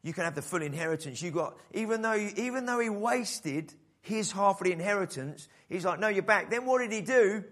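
A man preaching a sermon in an animated style, acting out the voices in the story. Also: high voice, fairly quick, few pauses. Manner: animated preaching, acts out the father's voice. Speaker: pastor.

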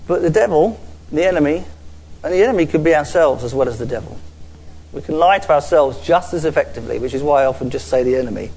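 A man preaching a sermon to a church audience, earnest and halting, restarting and repeating words, and slowing down to stress key phrases. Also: a little high, animated, a little mellow, a little hiss or hum, low-quality recording. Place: church gathering with a screen before an audience.

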